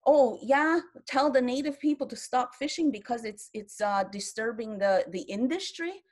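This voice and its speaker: An earnest woman from Quebec, Canada, speaks as a panelist in an online round-table talk heard over a video call. Her voice is a little high and darkish, with lively intonation at normal speed. She is impassioned and restarts her sentences frequently.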